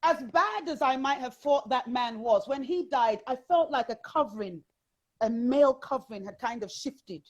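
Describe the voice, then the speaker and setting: A woman with a British accent telling personal stories as a guest in an interview, animated and chatty, with frequent fillers. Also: high-pitched, moderate pace, poor audio.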